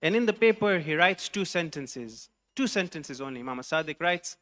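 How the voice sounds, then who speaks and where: A male preacher with a bright, forceful and fairly high voice carries a story sermon. He narrates in English and drops in recited Arabic phrases as he goes. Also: expressive, moderate pace. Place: mosque hall.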